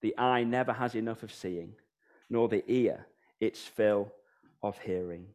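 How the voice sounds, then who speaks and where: A man's voice: on the low side, unhurried. A man in his thirties with a British accent preaching a sermon in a church, firing off rhetorical questions. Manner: animated, rhetorical questions, sings snatches of songs.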